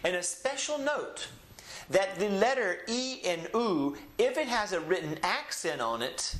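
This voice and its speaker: Male teacher, slightly high voice, patient and methodical, roomy echo. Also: sing-song, a bit bright. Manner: patient, explains step by step, repeats words slowly. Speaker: Spanish teacher. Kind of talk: recorded language lesson.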